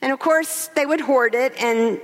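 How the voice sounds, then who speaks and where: A woman's voice: sits high, normal speed. A woman co-pastor in her forties preaching a sermon, telling stories and asking rhetorical questions. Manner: expressive storytelling with rhetorical questions. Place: large church sanctuary. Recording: long hall reverb.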